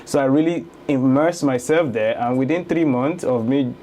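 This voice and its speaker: A man's voice: medium pitch, normal speed, mellow, a little hiss or hum. A man in his thirties from Lagos with a Nigerian accent, a guest telling his story in a casual interview and laughing easily. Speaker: guest, real estate investor.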